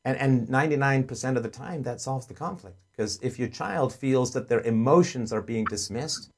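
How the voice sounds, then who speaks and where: Guy hosting a call-in show, earnest, acts out what a parent would say, mid-pitch voice. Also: moderate pace. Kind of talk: advice call-in talk.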